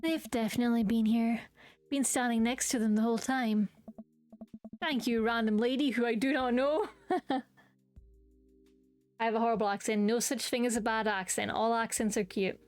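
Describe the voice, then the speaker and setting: A woman's voice: a little high, steady tone, moderate pace, long pauses, darkish tone, no room sound, soft background music. A young adult woman streaming a dating game, chatting playfully, laughing often and reading all the parts aloud.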